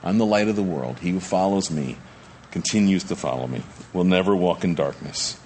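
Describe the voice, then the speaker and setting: A pastor with a fairly low voice preaches from the pulpit, shifting from slow, hushed lines to excited, raised ones as he acts out the frightened disciples. A faint hum of ambience sits behind him. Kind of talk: sermon.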